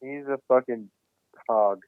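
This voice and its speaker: A man telling a wild story in a casual podcast chat, cursing freely and getting animated. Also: mid-range voice, slow, clean tone, no echo. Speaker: podcast guest. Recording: dry, phone-like remote line.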